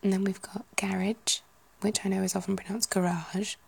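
A British woman in whispered ASMR chat, musing aloud softly and rambling. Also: medium pitch, level tone, racing, creaky, breathy edge. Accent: British English.

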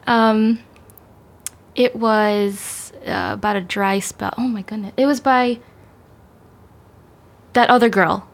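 A woman's voice: medium pitch, fairly even intonation, unhurried, vocal fry, pauses often. A woman co-hosting a podcast, chatting casually with a giggly, rambling manner. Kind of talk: casual chat.

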